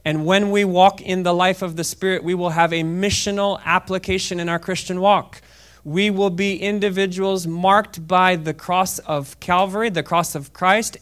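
A man preaching a sermon in a church service, reading scripture aloud and talking casually between verses, often checking in with "okay?" and swinging from quiet asides to loud, fervent reading. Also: high voice, clear, resonant tone. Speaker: guest preacher.

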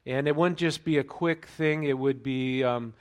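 A man preaching a sermon in a conversational way, checking in with the congregation and turning louder and higher when he reads scripture aloud. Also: moderate pace. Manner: conversational preaching with frequent fillers and check-ins; raises pitch and volume when reading scripture aloud. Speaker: pastor.

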